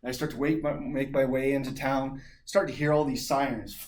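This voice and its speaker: A man giving a humorous personal story as a club speaker, lively and chuckling, imitating sounds as he goes. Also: medium pitch, a little fast, slight background noise.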